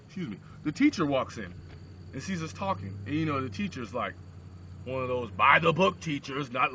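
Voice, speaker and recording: A man's voice: a little high, a little hiss or hum. A young man telling a rambling, crude shaggy-dog story with lots of asides, on a lo-fi phone recording. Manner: animated, crude, digressive.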